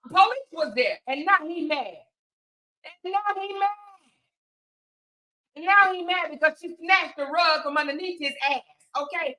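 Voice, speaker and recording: High, bright-voiced woman host, sassy and mocking in her gossip commentary.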